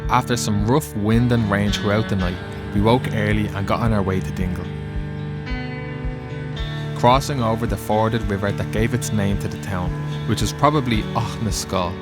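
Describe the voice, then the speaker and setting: Deep-voiced man narrating over guitar. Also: moderate pace. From Ireland. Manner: steady and descriptive. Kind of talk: scripted travel narration. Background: loud guitar music.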